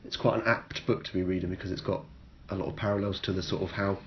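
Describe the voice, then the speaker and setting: A man co-hosting a casual podcast chat, wry and dry, often breaking off and restarting sentences. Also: little pitch movement. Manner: wry, dry joking, talks in halting restarts. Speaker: podcast co-host. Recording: muffled low-fi sound with some noise.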